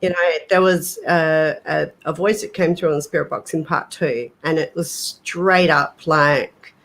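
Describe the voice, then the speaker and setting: Slow, low-voiced woman livestream co-host. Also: a bit bright. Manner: hesitant, many fillers and restarts. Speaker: paranormal channel co-host. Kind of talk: casual livestream chat.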